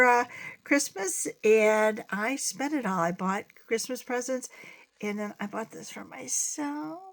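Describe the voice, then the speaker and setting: A woman's voice: medium pitch, fairly bright tone. A woman giving a chatty, playful puppetry lesson, demonstrating with a puppet as she talks. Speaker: puppetry teacher. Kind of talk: video lesson.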